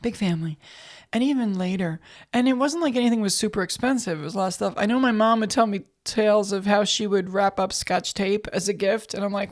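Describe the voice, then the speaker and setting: A woman's voice: mid-range voice, a little fast. A woman co-hosting a casual podcast chat, joking and self-mocking. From United States. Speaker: podcast co-host.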